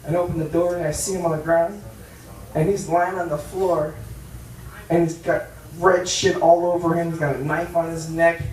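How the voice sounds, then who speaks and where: A man doing a stand-up comedy set in a bar, brash and profane, with loud punchlines. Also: fairly high pitch, level tone, normal speed, slight background noise. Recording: roomy club sound from a distance.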